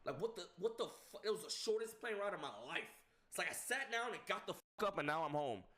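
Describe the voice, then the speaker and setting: A young man telling a chaotic personal story to viewers, swearing often and swinging between low recounting and laughing outbursts. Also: lively intonation, fast, a bit bright. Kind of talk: animated storytelling with heavy swearing.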